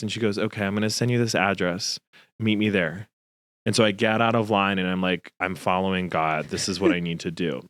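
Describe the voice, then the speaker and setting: Podcast host, man in his thirties, low voice, dry close studio sound, animated storyteller who acts out the voices. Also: a little fast, no room sound. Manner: animated storyteller acting out quoted dialogue. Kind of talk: casual storytelling chat.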